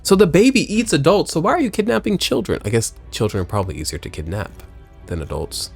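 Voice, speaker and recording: Lively jokey man streaming a game. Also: quick pace, gravelly, faint music behind. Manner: lively, jokey, swings between loud exclamations and low mutters. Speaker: gameplay streamer. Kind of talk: let's play commentary, reading game lines aloud.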